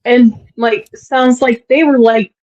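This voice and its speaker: A woman in casual chat who gossips excitedly and leaps up in pitch when quoting others. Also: takes it slowly, lo-fi sound. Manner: excitable, gossipy, big pitch swings in quotes.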